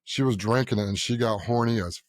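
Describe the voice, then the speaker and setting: A man's voice: medium pitch, brisk, no room sound, clean studio sound. A young man co-hosting a podcast, talking bluntly and profanely in casual chat and acting out the people in his stories. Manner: blunt, profane storyteller who acts out voices. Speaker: podcast co-host.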